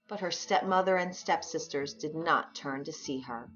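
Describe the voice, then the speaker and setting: Woman storyteller; expressive storybook narration, over soft music. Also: on the low side, normal speed, few pauses. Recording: dull lo-fi sound with faint music.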